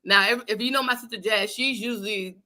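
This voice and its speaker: A woman hosting a casual talk show, telling a story in an animated, emphatic and blunt way. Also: mid-range voice, fairly quick. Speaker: host. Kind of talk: casual chat. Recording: live online radio show.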